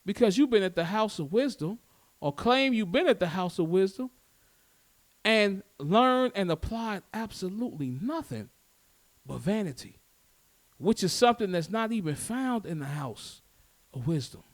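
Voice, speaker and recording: A man preaching a sermon, swinging between loud, emphatic lines and low, soft ones. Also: lively intonation, normal speed. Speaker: teacher.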